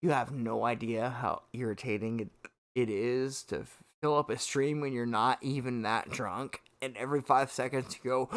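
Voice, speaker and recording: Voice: mid-range voice, fairly even intonation, normal speed. Tipsy swearing streamer, hiccuping. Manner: swearing, exasperated ranting. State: hiccuping between words; tipsy from shots. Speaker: livestreamer. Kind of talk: drunken livestream rant.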